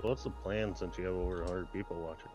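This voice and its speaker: A man's voice: sits low, fairly even intonation, quick pace, over music. A man chatting casually while playing a game with friends, teasing with crude humor. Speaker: co-player.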